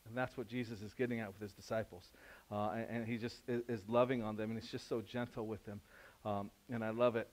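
A male pastor preaching a conversational sermon, animated and full of restarts. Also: on the low side, a little fast.

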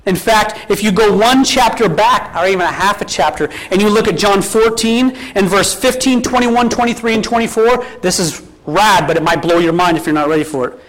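A pastor with a high-pitched voice preaches briskly, with hardly any pauses, casually putting many questions to his congregation. He mixes in scripture, quoting it at an easy speaking pace, on a poor-quality recording.

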